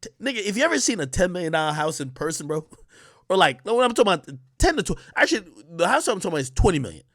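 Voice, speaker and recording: A man telling a casual story to his live stream, excitable and full of slang and swearing. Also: high-pitched, rapid-fire, no echo, clean studio sound. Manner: animated, profane, slangy, excitable. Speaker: streamer and commentator.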